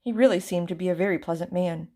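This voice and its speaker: A woman reading a children's storybook aloud with expressive, theatrical narration. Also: on the low side, quick pace. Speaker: storybook reader.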